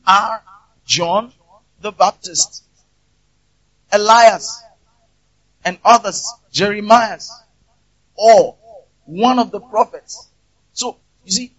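A man with a fairly high, husky voice preaches in an easy, conversational way, posing questions to his listeners and slipping into the voices of the people he quotes. The recording is dry and a bit dull. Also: dry recording. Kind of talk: sermon.

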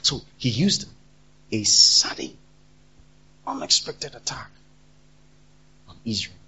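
A man preaching a sermon, emphatic and repetitive, swinging between loud and soft. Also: medium pitch, big pitch swings, slow pace, husky, dull audio.

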